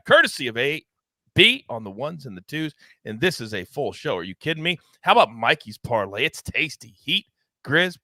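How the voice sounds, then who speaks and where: A middle-aged man hosts a sports betting recap with hyped, emphatic energy, his voice leaping high on big moments. His tone is bright and forceful, and his speech sits a little high for a man. The sound is dry and close. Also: no room sound. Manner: hyped, emphatic, playful with big pitch jumps. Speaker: sports betting show host.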